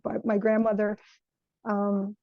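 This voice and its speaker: A woman recounting a spiritual experience from her childhood in an earnest, reflective way, often pausing to search for words. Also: mid-range voice, completely flat delivery, dry recording, highs cut off. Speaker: guest sharing a spiritual experience. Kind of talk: personal storytelling.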